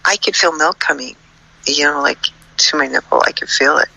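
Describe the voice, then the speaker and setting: Frank older woman, bright dry voice. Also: low-pitched, normal speed, gravelly, dry recording, poor audio. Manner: frank, indignant storyteller. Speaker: podcast co-host. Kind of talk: casual chat.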